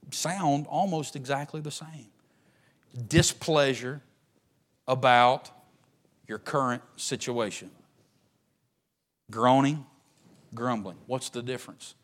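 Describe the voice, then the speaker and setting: A man preaching a sermon as pastor, swinging between loud emphatic lines and hushed ones. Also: medium pitch.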